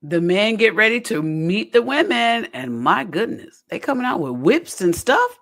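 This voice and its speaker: A talkative podcast host runs through a reality show episode in casual commentary and speaks straight to the audience. The voice is animated and bounces widely in pitch. Phrases come back again and again for emphasis. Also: normal speed. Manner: addresses listeners directly as "y'all".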